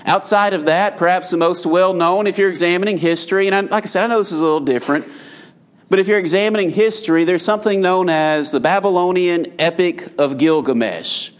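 A man's voice: high voice, brisk. A man preaching an evening sermon, talking conversationally and addressing the congregation directly.

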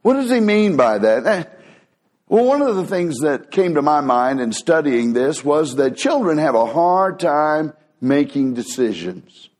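A preacher man delivering a sermon. He swings from high, pleading quoted voices down to low, hushed warnings, and keeps it conversational and animated. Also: measured pace. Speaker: pastor.

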